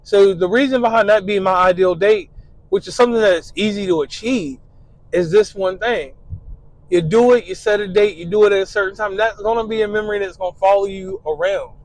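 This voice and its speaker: A man with a fairly high voice tells a relaxed, slangy story in casual monologue. He leans on fillers and loose street talk. The recording is close and dry, with no room sound. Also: fairly quick, no echo, rough recording. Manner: laid-back, slangy storytelling with frequent fillers. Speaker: guest describing his ideal date.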